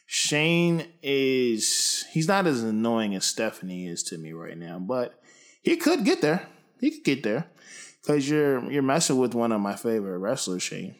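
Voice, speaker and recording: A young man talking casually about wrestling, rambling with lots of ums and flaring up into loud rants. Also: mid-range voice, animated, a little slow. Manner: rambling, many ums, gets heated and loud when ranting. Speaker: wrestling commentary podcaster. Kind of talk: casual opinion monologue.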